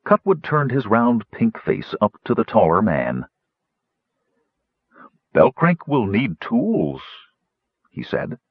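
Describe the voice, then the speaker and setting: A man narrating a fantasy audiobook with expressive, varied storytelling. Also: low-pitched, no echo. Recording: dull lo-fi audiobook recording.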